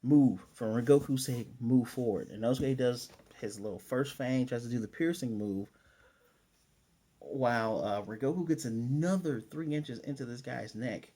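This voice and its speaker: A man with a mellow, darker tone talks through an anime episode as a casual reviewer. He rambles loosely, retelling scenes with "he's like" and dropping laid-back slang and the odd swear. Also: mid-range voice, normal speed.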